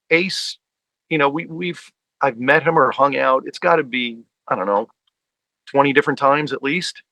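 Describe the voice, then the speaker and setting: A man from the tri-state area, on as a guest and a fan and collector, rambles through stories in a casual seated conversation, peppered with fillers. His medium-pitched voice is bright and forceful with vocal fry, captured in a rough recording with no room sound.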